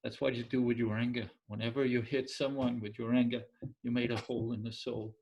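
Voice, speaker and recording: A man telling folk tales and their morals in a relaxed conversational way, often pausing to search for words and dropping into quiet asides. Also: mid-range voice, gravelly, highs cut off, slight background noise. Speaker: storyteller. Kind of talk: casual oral storytelling.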